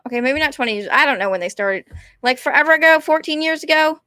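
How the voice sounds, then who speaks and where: A woman, rambling and animated as she chats casually to her stream viewers. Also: high voice, quick pace, no room sound, studio quality. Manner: rambling, animated, talks to chat. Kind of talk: casual ranting chat to viewers.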